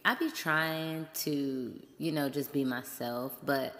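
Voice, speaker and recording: Low, slow-talking playful woman host. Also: fairly even intonation, a bit bright, in a large hall. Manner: playful, chatty, laughs often. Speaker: podcast host. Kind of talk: casual solo chat.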